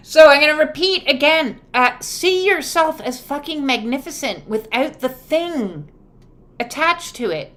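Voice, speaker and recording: A woman's voice: high voice, sing-song, measured pace, a bit bright. A woman giving a live spiritual card reading to viewers, casual and emphatic, swearing freely. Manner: acts out quoted voices. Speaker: oracle and tarot card reader.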